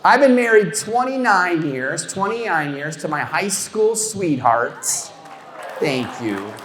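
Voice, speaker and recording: A man's voice: on the high side, slow pace. A middle-aged man performing a stand-up comedy routine on stage, telling self-mocking stories and chatting with the crowd. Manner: animated storytelling, self-mocking punchlines. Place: comedy show stage before a live audience. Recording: echoey hall with long reverb.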